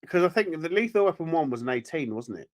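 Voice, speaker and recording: A man's voice: on the high side, sing-song, quick pace. A man co-hosting a comedy podcast, chatting casually with restarts and hesitations. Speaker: podcast co-host.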